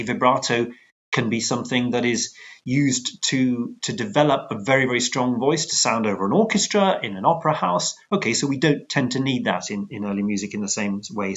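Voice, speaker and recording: Guest: male choral conductor, animated and digressive, muffled video-call sound. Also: mid-range voice. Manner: animated, digressive, with lively asides. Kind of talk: conversational explaining.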